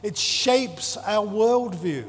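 A man preaching a sermon in a measured, emphatic way, drawing out his phrases and stressing key words. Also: high-pitched, animated. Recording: long hall reverb.

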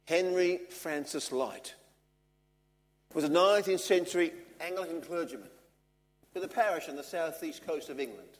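A man preaching a sermon, earnest and measured, driving his points home with repetition. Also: a little high, lively intonation. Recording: long hall reverb.

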